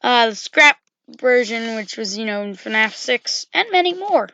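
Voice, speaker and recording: Woman, casual rambling game commentator, bright tone, dull dry home recording. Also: a little high, animated, a little slow, gravelly, no echo. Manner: rambling, full of "you know" and self-corrections.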